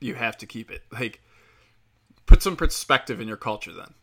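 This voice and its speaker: A man's voice: on the low side, animated, moderate pace, vocal fry. A man delivering a heated, profane opinion rant, rambling with fillers as he talks.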